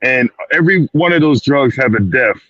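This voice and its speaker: A man's voice: mid-range voice, lively intonation, moderate pace, sharp tone, dry recording. Emphatic man on a dull, dry line. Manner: emphatic, repeats words, talks in quoted asides. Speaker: clinician guest. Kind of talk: panel discussion.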